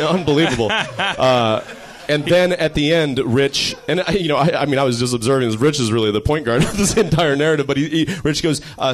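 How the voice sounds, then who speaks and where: A man's voice: mid-range voice, fairly quick. Man rambling through a funny story. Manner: rambling, laughing while telling an anecdote. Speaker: guest comedy writer. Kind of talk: casual storytelling on a podcast. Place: live podcast stage.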